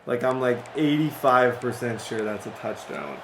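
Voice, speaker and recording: A young man giving casual commentary while he plays a football game, rambling and hard on himself, then yelling when a play goes his way. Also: mid-range voice, moderate pace, a little hiss or hum. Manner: rambling, self-critical, bursts into excited yelling. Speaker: gaming youtuber.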